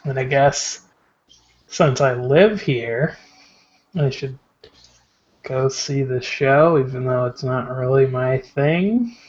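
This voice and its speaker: A man's voice: mid-range voice, slow pace, long pauses, darkish tone. A man playing in a tabletop game over a call, thinking aloud about his character's moves. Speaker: player. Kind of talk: casual tabletop role-play. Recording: dull lo-fi call audio.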